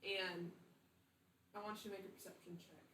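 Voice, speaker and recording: A woman narrating a tabletop game as game master, slow and hesitant with many fillers. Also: mid-range voice, steady tone, a bit bright, distant mic, a little hiss or hum. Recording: echoey room, off the mic.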